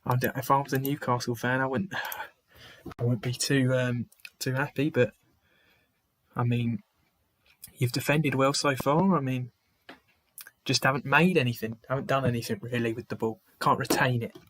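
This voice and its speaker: A man's voice: medium pitch, fairly even intonation, normal speed, a bit bright. A man hosting a live football watchalong stream, chatting to viewers in the chat by name, sighing often and restarting his phrases. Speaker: livestream host. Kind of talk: live match watchalong commentary.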